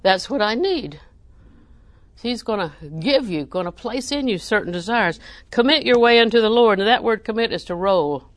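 A woman preacher, delivering a sermon with animated emphasis that rises to near-shouting. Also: on the high side, brisk, hardly any pauses, dry recording.

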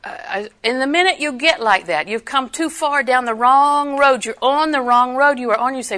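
Bright-voiced emphatic older woman preacher. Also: high-pitched, normal speed, few pauses. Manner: animated, emphatic, acts out quotes. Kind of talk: sermon.

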